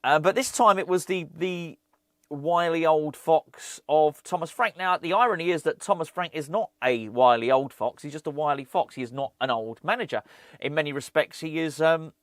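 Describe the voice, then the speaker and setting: A man talking casually as a fan channel host, animated and ranting, often repeating words. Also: a little high, moderate pace, no echo, studio quality. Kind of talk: casual football chat.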